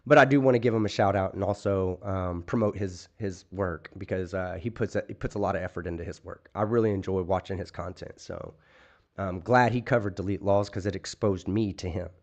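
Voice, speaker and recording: A man's voice: sits low, fairly quick. A man hosting a late-night livestream, chatting casually and ranting with lots of profanity. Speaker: streamer host.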